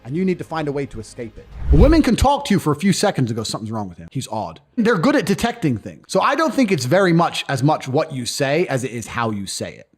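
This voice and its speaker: A man giving blunt, forceful advice, swearing and acting out what he would say. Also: fairly high pitch. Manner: blunt, forceful, swears, acts out quoted lines. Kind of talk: motivational advice clips.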